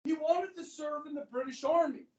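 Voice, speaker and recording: A man's voice: very high voice, normal speed, lo-fi sound. A middle-aged man teaching history to a class, chatty, who keeps checking in with "okay?". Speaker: high school history teacher. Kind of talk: classroom lecture. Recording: echoey classroom from far off.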